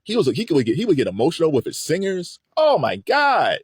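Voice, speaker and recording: Lively-pitched man riffing on pop culture. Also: a little fast, slightly rough, no echo, clean studio sound. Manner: animated, rambling, laughs often. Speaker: host. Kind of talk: casual pop-culture commentary.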